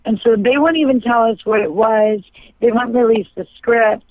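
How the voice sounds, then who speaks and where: A woman's voice: fairly high pitch, normal speed, dry recording. Woman, 30s, phone-in interview guest. Chatty, filler-heavy storyteller. Thin, dry phone-line sound. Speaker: guest actress. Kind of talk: casual interview chat.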